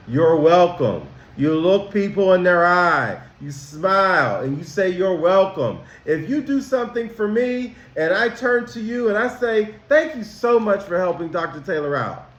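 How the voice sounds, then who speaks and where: A man, a school counselor talking to students about manners, slow and emphatic, asking them questions. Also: high voice. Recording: roomy echo.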